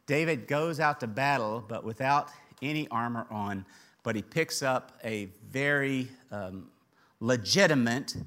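A man preaching a sermon, animated, acting out the characters' voices. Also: medium pitch. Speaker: pastor.

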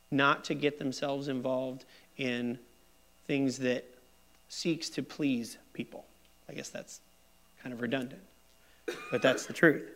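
A man's voice: medium pitch, a bit bright. A middle-aged man pastor giving a sermon in a candid, self-deprecating, conversational way.

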